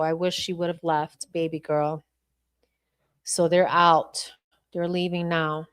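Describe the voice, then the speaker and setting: A woman's voice: fairly low pitch, flat delivery, slow, long pauses, smooth. A woman hosting a podcast livestream, thinking aloud as she replays video footage and talks to her viewers and chat in a blunt, profane way. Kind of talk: casual livestream commentary.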